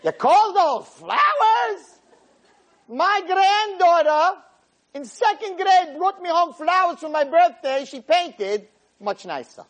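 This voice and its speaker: A man voicing a loud, fussy old American Jewish grandmother, shrill and indignant. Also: sing-song, takes it slowly, full character voice.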